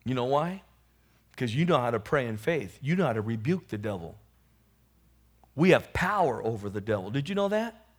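A man preaching a sermon, swelling into loud emphatic peaks and then dropping low, calling out to his congregation for responses. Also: lively intonation, normal speed, pauses often, slightly rough.

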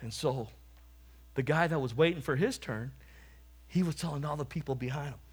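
A man's voice: a little high, normal speed, husky. A man preaching a sermon, telling a humorous story and then exhorting and praying fervently.

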